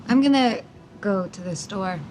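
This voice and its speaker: An actress doing a thick Eastern European accent. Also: female voice, medium pitch, unhurried, background noise, close to an everyday voice. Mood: dry. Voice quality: thick accent, dry deadpan delivery. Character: wry young woman, fictional superhero. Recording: film clip with room ambience.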